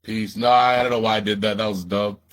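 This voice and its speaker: A man with a drawl chats casually on his own livestream, loose and profane as he talks straight to the viewers. His voice sits somewhat low. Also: fairly even intonation, brisk. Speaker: livestream host.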